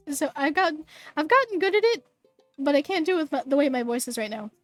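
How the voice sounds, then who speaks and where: A woman's voice: high voice, lively intonation, brisk, no room sound, soft background music. A woman streaming a game at home, giggly and rambling, on a desk mic. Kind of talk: casual game commentary.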